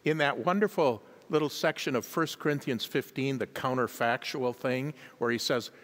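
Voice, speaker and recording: Preaching as a guest pastor in a big church, a man speaks at a moderate pace in a mid-range, fairly bright voice. He delivers the sermon emphatically, laughs at his own side remarks, and urges the congregation to respond. Long church reverb fills the recording.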